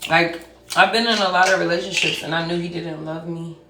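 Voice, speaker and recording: A woman venting on a casual livestream, rambling and emotional, at times breaking into loud outbursts. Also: lowish voice, fairly even intonation, a little fast, noisy background. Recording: roomy sound, far from the mic.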